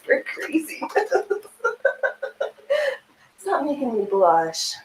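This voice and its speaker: High-voiced woman chatting on a sewing stream. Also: sing-song, slow, a little hiss or hum. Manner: chatty, laughs often, answers chat aloud. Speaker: livestream host. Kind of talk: casual chat while sewing on stream. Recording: echoey room with faint ambience.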